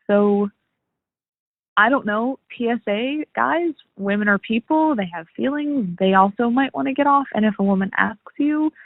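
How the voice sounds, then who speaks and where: A woman's voice: fairly high pitch, normal speed, gravelly, dry recording. A young woman in her twenties talks through a thin, phone-like line, her voice dry and close with no room around it. She rambles and halts, upset as she lays out her question. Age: 20s. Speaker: caller.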